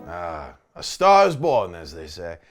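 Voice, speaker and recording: A man's voice: deep voice, huge pitch swings, a little slow, music in the background, voice pushed down, heavily acted. A man playing a pompous, vulgar middle-aged British actor in a comedy sketch, with a put-on British accent and a haughty, crude manner.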